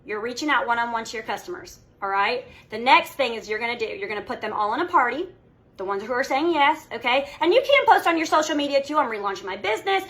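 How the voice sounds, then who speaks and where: A woman's voice: fairly high pitch, lively intonation, fast, fairly bright tone. A woman in her thirties giving a motivational training talk to her sales team, emphatic and coaching, checking in constantly with "okay?" and "all right?". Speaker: direct sales team leader.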